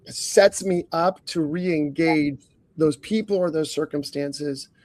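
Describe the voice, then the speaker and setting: An earnest man coaches listeners on a podcast, with a high voice. He often clears his throat and strings rhetorical questions together. The sound is dry and close to the mic. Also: takes it slowly, darkish tone, no room sound. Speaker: leadership coach, podcast co-host.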